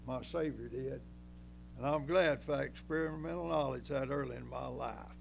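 An older man preaching a folksy, emphatic sermon that climbs to loud peaks and then drops low. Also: moderate pace, vocal fry, a little hiss or hum.

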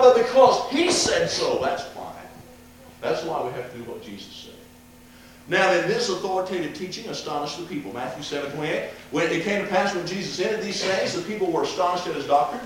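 A man preaching a sermon with emphatic delivery, rising when he quotes and dropping away at verse citations. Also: high voice. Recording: echoey hall, voice from a distance with a faint hum.

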